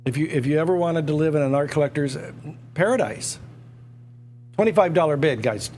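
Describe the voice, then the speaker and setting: Male livestream auctioneer, slightly high voice, hard-selling patter full of restarts. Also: lively intonation, fairly quick, a little mellow, slight background noise. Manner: repetitive, pushy salesman patter with stammered restarts. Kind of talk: live online auction sales pitch. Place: indoors at a computer.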